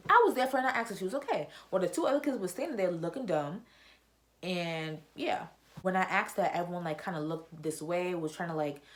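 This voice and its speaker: A teenage girl telling a storytime to camera in a chatty, animated, slangy way. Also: fairly low pitch. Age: teens. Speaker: YouTuber. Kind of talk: casual storytime vlog.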